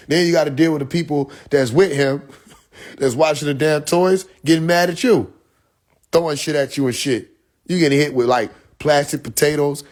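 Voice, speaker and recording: On a casual live stream, a man with a slightly high voice rants at a normal speed, telling a long analogy and acting out the people he quotes. He's blunt, exasperated, and swears heavily throughout the monologue.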